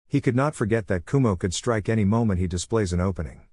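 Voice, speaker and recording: A man narrating fan fiction in a steady, plain storytelling manner. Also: lowish voice, fast, dry recording, studio quality. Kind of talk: fan fiction read-aloud.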